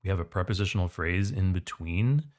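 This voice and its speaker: Low-pitched guy casually walking thru sat questions like he's chatting. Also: lively intonation, fairly quick, darkish tone. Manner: casual, conversational explaining. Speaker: SAT tutor. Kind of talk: test prep walkthrough.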